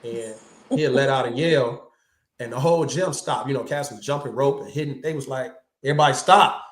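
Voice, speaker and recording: Slangy, animated storytelling man. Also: mid-range voice, brisk, echoey room. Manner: animated anecdotes, slangy, acts out quoted voices. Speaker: guest, martial artist. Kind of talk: casual storytelling chat.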